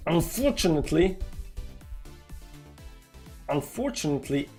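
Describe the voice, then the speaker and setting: A man live-streaming his crypto trades, moaning in despair at losses and cheering at gains, talking to his viewers. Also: a little high. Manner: swings between groaning despair and excited cheering; dramatic, self-mocking, talks to chat. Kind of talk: live-stream commentary on a trading chart.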